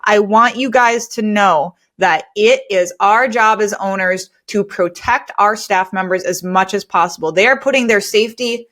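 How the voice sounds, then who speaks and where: A woman's voice: mid-range voice, moderate pace, few pauses, fairly bright tone. Earnest woman podcaster. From United States. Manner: earnest, conversational, filler-heavy. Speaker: cleaning business owner and podcast host. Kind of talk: candid storytelling podcast talk.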